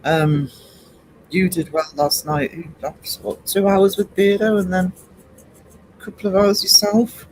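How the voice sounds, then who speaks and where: High-voiced man chatting on stream. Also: flat delivery, unhurried, darkish tone, a little hiss or hum, rough recording. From United Kingdom. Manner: rambling, chatty, greets chat by name, many ums. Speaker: livestream host. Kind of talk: casual live-stream chat with viewers.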